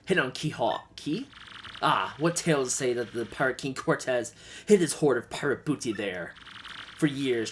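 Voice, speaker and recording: A man voicing a jittery, easily frightened townsperson who tells a spooky rumor in a hushed way. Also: mid-range voice, a little hiss or hum, lightly acted.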